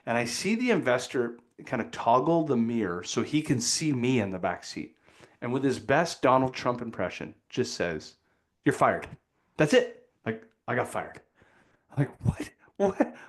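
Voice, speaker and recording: A man in his forties from Canada, telling a personal story as a podcast guest in a lively, dramatic way. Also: medium pitch. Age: 40s.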